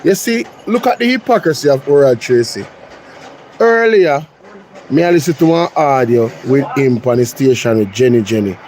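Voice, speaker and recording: A man's voice: medium pitch, lively intonation, moderate pace, a little mellow, slight background noise. Sex: man. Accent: Jamaican. Role: host. Style: reaction commentary, blunt and incredulous. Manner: incredulous, blunt, mixes patois and English.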